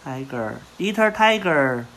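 Woman tutor, slow patient storybook read-along, lowish voice, faint room noise. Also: lively intonation, fairly bright tone. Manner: slow, patient, models each word for repetition. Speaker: parent or tutor reading a picture book with a child. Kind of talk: bilingual storybook reading lesson, call and repeat.

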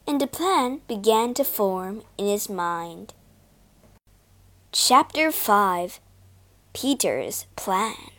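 Woman reading a kids story out loud, slow and clear, really lively tone. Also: medium pitch. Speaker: storybook reader. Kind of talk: slow read-aloud story narration for learners.

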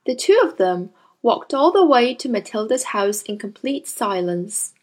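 A woman reading a children's novel aloud in a calm, clear narrating manner. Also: on the high side, measured pace. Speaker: storyteller.

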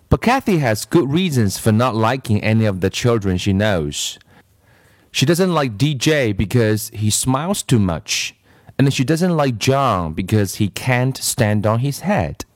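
A man's voice: fairly low pitch, sing-song, slow pace, dry recording, clean studio sound. A man reading a children's story aloud with playful asides to the listener. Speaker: reader.

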